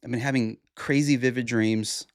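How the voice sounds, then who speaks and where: A man's voice: medium pitch, steady tone, moderate pace, clear, resonant tone, dry recording, clean studio sound. Tired, rambling man podcasting solo. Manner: rambling, reflective, with restarts. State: tired, groggy. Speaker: podcast host. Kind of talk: casual solo podcast monologue.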